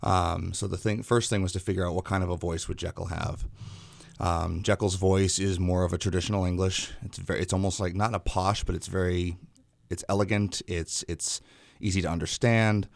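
Low gravelly male stage actor. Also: fairly even intonation, moderate pace, dry recording. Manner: hesitant, many fillers and restarts. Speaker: actor, radio guest. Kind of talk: casual interview talk.

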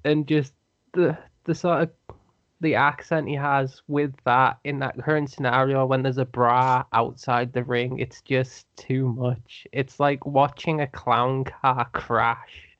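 A man's voice: mid-range voice, little pitch movement, slow pace, fairly bright tone, no room sound. A man co-hosting a casual wrestling chat, telling a wry story. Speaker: podcast co-host. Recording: dry, dull lo-fi sound.

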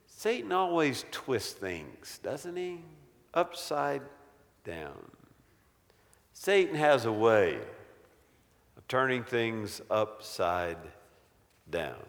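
A man preaching a sermon, telling a story in a measured and emphatic way. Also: medium pitch, sing-song, in a large hall.

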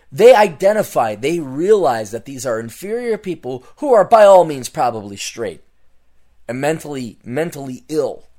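A man hosting a podcast alone, delivering a rambling, repetitive rant that swings between loud outbursts and muttered asides. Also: mid-range voice. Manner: rambling, repetitive, loses his thread. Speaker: podcast host. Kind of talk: ranting solo monologue.

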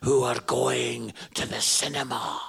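A man playing a stern, deep-voiced hellfire preacher. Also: steady tone, a little slow, creaky, a bit bright, breathy edge, full character voice. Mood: grave. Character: stern scary older male hellfire preacher.

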